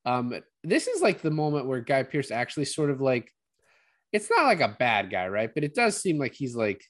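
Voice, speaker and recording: A man's voice: medium pitch, wildly swooping pitch, normal speed. A man co-hosting a podcast, casually retelling a film's plot, full of "like" and quoted asides. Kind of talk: casual film discussion.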